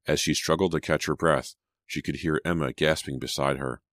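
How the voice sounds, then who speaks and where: A man narrating a teen horror novel as an audiobook, in steady, measured storytelling. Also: very deep voice, no room sound, clean studio sound. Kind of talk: scripted narration.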